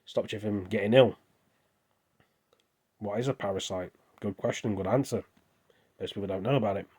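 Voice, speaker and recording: A fairly low, darkish voice with a breathy edge belongs to an English vlogger speaking at normal speed. He records a casual to-camera monologue on his phone, wandering from one subject to another.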